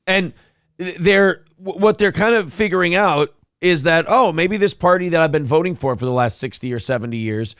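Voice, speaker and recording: A man's voice: fairly high pitch, normal speed, fairly bright tone, clear, resonant tone, no echo, studio quality. Blunt, profane man co-hosting. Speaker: morning show co-host. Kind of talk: casual political talk show, reading chat comments.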